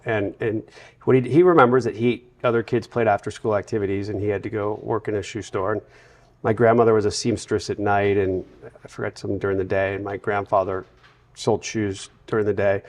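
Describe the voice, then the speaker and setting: A man from the United States, a guest in a casual interview, telling long run-on anecdotes with a relaxed storytelling manner. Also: lowish voice, a little fast. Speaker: podcast guest.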